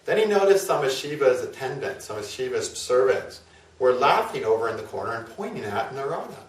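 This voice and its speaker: A man's voice: mid-range voice, very animated, fairly quick. A man, an astrologer, retelling a myth in a chatty, casual lecture full of fillers and tag questions. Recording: roomy, from a distance.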